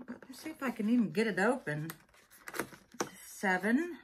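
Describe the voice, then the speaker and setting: A woman's voice: fairly high pitch, sing-song, moderate pace, pauses often, slight background noise. A woman in her sixties chatting casually as she unboxes items, thinking aloud and laughing often. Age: 60s. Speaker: vlogger.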